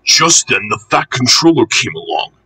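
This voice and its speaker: A man reading a children's storybook aloud, with expressive, lively narration. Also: mid-range voice, normal speed, husky, low-quality recording.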